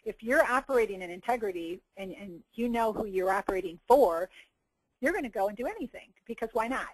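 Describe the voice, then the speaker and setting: A woman's voice: medium pitch, animated, a little fast, slightly rough, no echo, poor audio. A woman giving a motivational coaching talk in an earnest, preachy way, acting out little quoted bits. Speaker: success coach.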